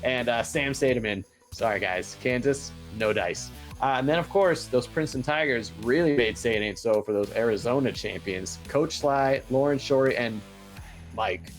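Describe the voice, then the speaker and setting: A man's voice: mid-range voice, soft background music. A man co-hosting a bracket pool recap, joking around in casual sports banter. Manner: animated, jokey, quick asides.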